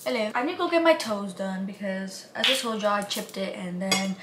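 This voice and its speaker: A woman's voice: mid-range voice, brisk, fairly bright tone, roomy sound. A young woman talking casually to her camera in a vlog, chatty and swearing now and then, slipping Spanish words into her English. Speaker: vlogger. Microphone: handheld camera. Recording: camera mic with clear background noise.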